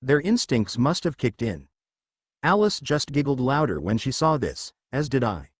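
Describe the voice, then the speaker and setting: A man narrating first-person fan fiction in an even, steady storytelling voice. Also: medium pitch, moderate pace, breathy edge, no room sound, studio quality.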